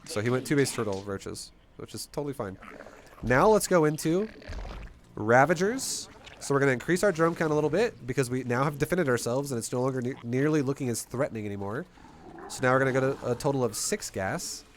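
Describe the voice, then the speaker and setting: An energetic man talks a viewer through a strategy game, blunt and casual, with a curse tossed in here and there. His pitch sits at an everyday middle level. A faint hum of noise stays under his voice. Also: brisk. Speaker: gameplay coach. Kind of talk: casual live game commentary and teaching.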